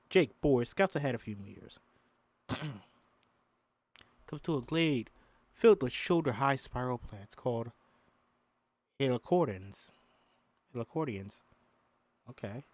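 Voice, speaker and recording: A man's voice: mid-range voice, no room sound. A man casually reading a film script aloud, adding profane asides and stumbling over words. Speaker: host. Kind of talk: casual script read-through with commentary.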